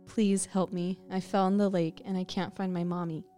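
A woman's voice: lowish voice, little pitch movement, moderate pace, dark tone, faint music behind, lightly acted. A woman voicing a soaked little girl ghost who pleads for help through chattering teeth. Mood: pleading.

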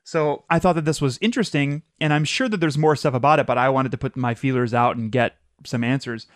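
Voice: mid-range voice, fairly quick, dry recording. Chatty podcast host telling stories, dry mic. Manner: chatty, animated storyteller who imitates sounds. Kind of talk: casual storytelling chat.

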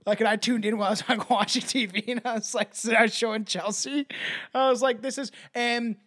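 A man's voice: high-pitched, fairly even intonation, fairly quick, a bit bright. A man hosting a podcast, chatting casually and swearing often, with laughs and rambling asides. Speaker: podcast host. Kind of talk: casual podcast outro chat.

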